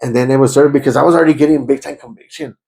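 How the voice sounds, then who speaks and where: A man telling his conversion testimony in a conversation, repeating himself and stammering, and turning loud and fervent as he relives praying, with Spanish words slipping in. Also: mid-range voice, fairly even intonation, rapid-fire, gravelly. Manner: grows loud and fervent when reliving prayer. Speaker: guest giving a testimony.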